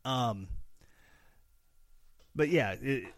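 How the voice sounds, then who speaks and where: A man's voice: mid-range voice, extremely slow, dry recording. A young man from Missouri hosting a casual solo podcast, rambling and joking with sarcastic asides. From Missouri, USA. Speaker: podcast host.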